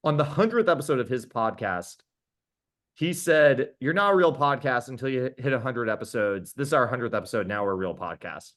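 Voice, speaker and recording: Enthusiastic male podcaster telling stories. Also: medium pitch. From New York. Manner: animated, enthusiastic storyteller with quick restarts. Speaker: podcast host being interviewed. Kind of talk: casual storytelling.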